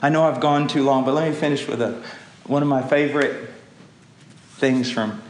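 A man preaching a sermon, with impassioned pleading that climbs to loud peaks. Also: mid-range voice, fairly even intonation, normal speed, slight background noise. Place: church hall. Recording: echoey church with faint ambience.

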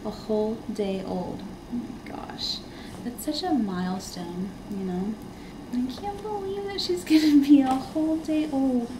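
A young woman and new mother talking casually to the camera in a hospital room, soft-spoken, rambling and emotional. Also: sits high, measured pace, background noise.

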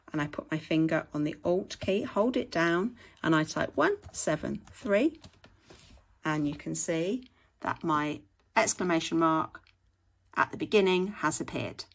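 A woman's voice: low voice, measured pace, creaky. A woman, teaching patiently and step by step in a screen-share tutorial. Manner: patient, step-by-step, frequent "okay".

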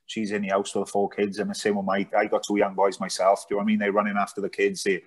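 A man's voice: on the low side, completely flat delivery, fast talker, slightly rough. A man in his thirties, a podcast guest, chatting casually and often asking "do you know what I mean". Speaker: guest, charity founder. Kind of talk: casual chat.

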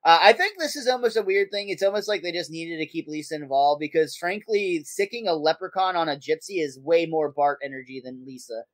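A man's voice: a little high, brisk, hardly any pauses, dry recording. Laid-back man recapping an episode, dry. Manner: laid-back recapping with frequent fillers and laughs. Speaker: podcast co-host. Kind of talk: casual episode recap chat.

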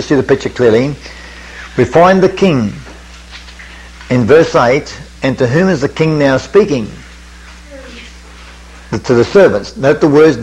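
A rough recording captures an older male preacher, his voice slightly rough and on the high side, giving a Bible study lecture. He walks a camp meeting through a parable methodically, posing questions and reading the archaic scripture carefully.

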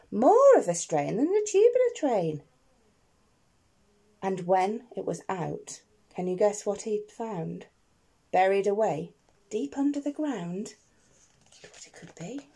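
Slow, lively storytelling teacher. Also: female voice, mid-range voice, creaky, breathy edge. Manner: expressive and playful, asking the listeners questions. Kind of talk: reading a rhyming picture book aloud to children.

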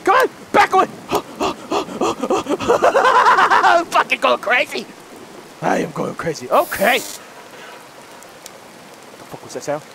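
Man, horror game commentary, frantic, very high and wildly swinging voice, rain noise behind. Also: wildly swooping pitch, takes it slowly, vocal fry, pauses often. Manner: frantic, shouting and pleading, then muttering low. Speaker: gaming channel host. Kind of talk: horror let's play commentary.

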